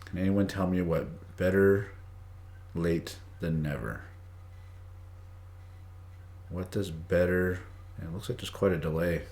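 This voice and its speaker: A man's voice: low-pitched, takes it slowly, long pauses, darkish tone. A man teaching English idioms on a live stream, chatty, greeting viewers by name and reading the chat aloud. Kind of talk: casual live-stream lesson. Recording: echoey room.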